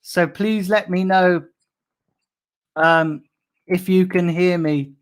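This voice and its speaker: A man's voice: sits high, fairly even intonation, slow. A man on a live stream, reading chat comments and ranting angrily with heavy swearing as a football fan.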